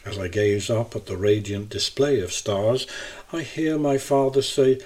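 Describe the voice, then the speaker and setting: A man narrating a first-person travel essay in a measured, even reading style. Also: fairly low pitch.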